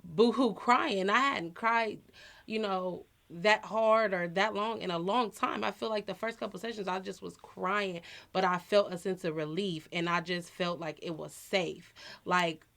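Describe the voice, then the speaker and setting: A woman's voice: medium pitch, steady tone, measured pace, creaky, a bit bright. A woman in her thirties, a podcast co-host sharing personal stories in an earnest, reflective, conversational way.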